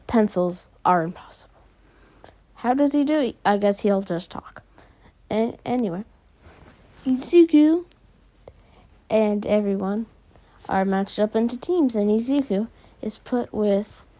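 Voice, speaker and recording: A woman narrating a homemade fan story in a slow, mellow voice. She tells it in a halting, casual way, feeling her way through each scene. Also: mid-range voice.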